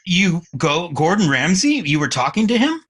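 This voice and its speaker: A male podcast host in loose, casual chat, teasing and pressing with quick questions. His voice sits a little high. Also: sing-song, a bit bright. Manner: teasing, rapid-fire questions.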